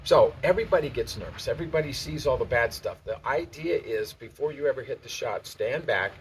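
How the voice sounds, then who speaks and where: A man's voice: mid-range voice, lively intonation, fairly quick. A man teaching golf outdoors on the course, explaining in a casual, plainspoken, conversational way. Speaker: golf instructor. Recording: distant mic, faint outdoor noise.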